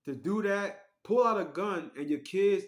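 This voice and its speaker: Higher-voiced man in an echoey room. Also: a little slow. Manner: animated, acts out quoted voices. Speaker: online commentator. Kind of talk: casual storytelling commentary.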